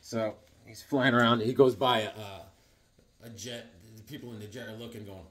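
A man reviewing comics in a casual, excitable, rambling way, full of fillers. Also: lowish voice, normal speed, breathy edge.

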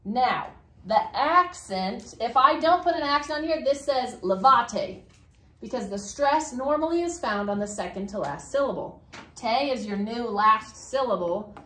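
A woman's voice: mid-range voice, fairly bright tone. A woman teaching a Spanish grammar lesson to a class, explaining step by step and asking questions. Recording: echoey classroom, faint noise.

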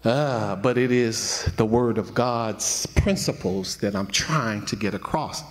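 Slow, deliberate preacher in an echoing church. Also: male voice, medium pitch. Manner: preaching with emphatic repetition. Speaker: associate minister. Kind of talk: sermon. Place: church sanctuary. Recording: reverberant church sanctuary.

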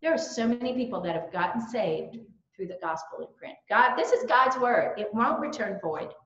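A middle-aged woman with a Southern US accent, telling stories in a lively way at a church training. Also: fairly high pitch, moderate pace. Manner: lively storyteller, animated quotes and laughs. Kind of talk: church talk with personal stories. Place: church hall. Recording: roomy, dull-sounding church recording.

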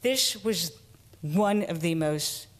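A woman's voice: fairly low pitch, slow. A woman trauma therapist telling a story to an audience, talking casually and acting out what people said. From United States. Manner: animated, casual, acts out quotes. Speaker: trauma therapist giving a talk. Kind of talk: storytelling presentation.

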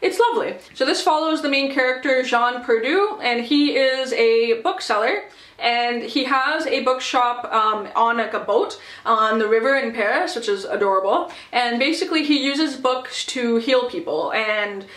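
Young woman book vlogger, bright-voiced and gushing, chatty casual review in a roomy space. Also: a little high, normal speed. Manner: gushing, chatty, many fillers and "like". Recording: echoey room.

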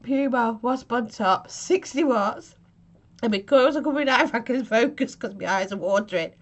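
A woman's voice: a little high, expressive, unhurried. A chatty woman talks through a vape review in a casual, self-mocking way, breaking into giggles. She is getting over a chest infection and coughs now and then.

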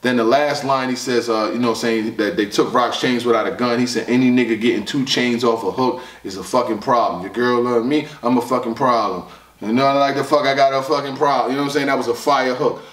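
A man recapping a battle rap in casual, animated, profane commentary, reacting loudly and repeating words as he quotes lines. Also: medium pitch, a little fast, reverberant, recorded from a distance.

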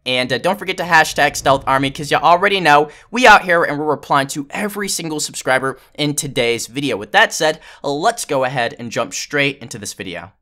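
A young man hosting a gaming channel, talking in an excited, hyped-up casual commentary. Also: on the high side, a little fast, hardly any pauses. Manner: hyped, enthusiastic. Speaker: gaming YouTuber.

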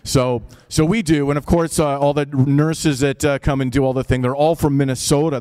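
A man's voice: medium pitch, steady tone, a little fast, hardly any pauses, a little mellow, clear, resonant tone, no room sound, clean studio sound. A man with an Upper Midwest accent telling a personal story live, in a casual, wry, profane way.

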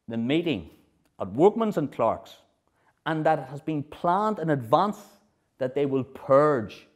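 A middle-aged man giving a history lecture, lively, often checking in with his audience. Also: on the high side. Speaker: speaker at a political history festival.

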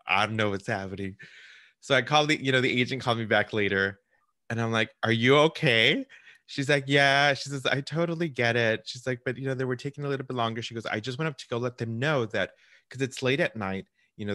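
A man's voice: mid-range voice, bright, forceful tone, no echo, clean studio sound. A man, a realtor, telling a client a story in casual chat, acting out the voices of people on the phone. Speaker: realtor hosting a client interview.

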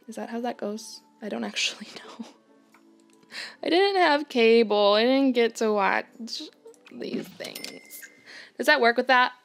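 Playful woman gamer with a high voice. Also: animated, a little slow, gravelly, faint music behind. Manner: playful, chatty, mock-outraged exclamations. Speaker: gaming channel host. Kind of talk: casual let's-play commentary.

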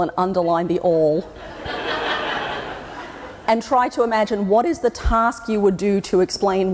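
A woman's voice: mid-range voice, moderate pace, darkish tone. Australian woman, keynote speaker, wry storytelling, quoted voices acted out, hall with long reverb. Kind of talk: humorous conference talk.

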